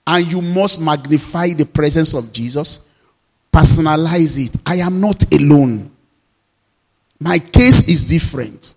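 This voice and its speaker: Man preaching, husky voice, fairly high pitch, loud declarations and quiet asides, call-and-response. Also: unhurried, big-room sound. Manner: repeats phrases and leads call-and-response. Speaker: pastor. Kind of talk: sermon.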